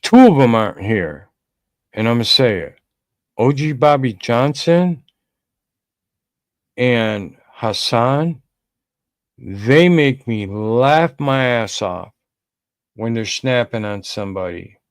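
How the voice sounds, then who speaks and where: A man's voice: medium pitch, lively intonation, slow, long pauses, no room sound. A man co-hosting a podcast in casual talk, emphatic and repeating his key lines. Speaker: podcast co-host.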